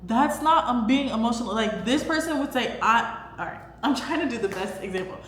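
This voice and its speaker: A woman's voice: fairly high pitch, a little fast. Chatty young woman in an echoey room. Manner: chatty, animated, emphatic with fillers. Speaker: podcast host. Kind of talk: casual faith talk to camera. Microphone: camera microphone. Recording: echoey room, faint background hum.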